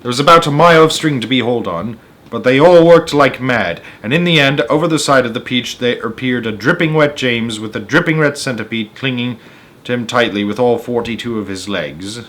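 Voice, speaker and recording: Male storyteller, animated read-aloud of a children's book. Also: medium pitch, brisk. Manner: animated, expressive reading.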